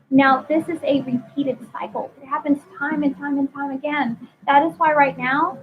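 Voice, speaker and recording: A high-pitched woman hosts a spiritual chat, posing question after question in a preachy tone. Her voice comes through a tinny, phone-like line with a faint hiss behind it. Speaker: host. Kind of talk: casual spiritual talk.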